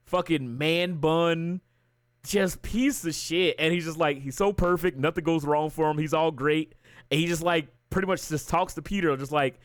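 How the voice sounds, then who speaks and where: Male streamer, casual profane rant, fairly high voice, dry close mic. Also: dry recording. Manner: profane, ranting, animated storytelling. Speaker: livestreamer. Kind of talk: casual chat.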